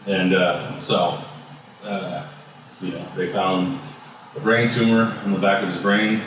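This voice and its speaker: A man with a deep, low voice talks in a loose, conversational way, leaning on fillers and dropping the occasional curse. He sits back from the microphone in a strongly reverberant room, with faint background noise underneath. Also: flat delivery, unhurried, fairly bright tone. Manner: loose and conversational, full of "you know" and "like", swears casually. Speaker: barbecue business owner, guest. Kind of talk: casual interview storytelling. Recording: very echoey room, voice far from mic.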